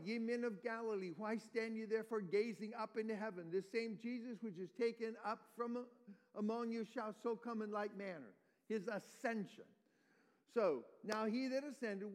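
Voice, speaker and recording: High-voiced man preaching verse by verse. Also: in a large hall. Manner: explains verse by verse, quizzes the congregation. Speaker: pastor. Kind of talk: expository sermon.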